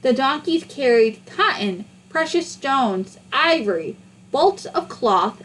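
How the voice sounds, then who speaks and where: Expressive woman reading a children's book. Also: high voice, slow pace, low-quality recording. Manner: expressive, sing-song delivery. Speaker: storybook reader. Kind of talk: children's book read-aloud.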